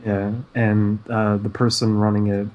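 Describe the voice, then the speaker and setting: A man co-hosting a casual podcast, recapping cartoon plots in a sarcastic, deadpan way. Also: on the low side, measured pace, dull audio. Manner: sarcastic, deadpan recounting of plot. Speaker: podcast co-host.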